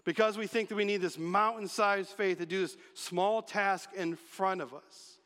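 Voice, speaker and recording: A man preaching a sermon, animated and acting out quotes in changing voices. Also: high-pitched, normal speed. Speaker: pastor. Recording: long reverb of a large hall.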